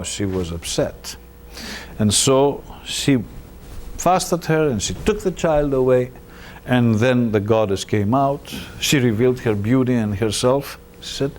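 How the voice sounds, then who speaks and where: Slow-speaking male lecturer. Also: mid-range voice, a little hiss or hum. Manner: animated, halting with fillers. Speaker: presenter. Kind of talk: retelling a myth in a lecture.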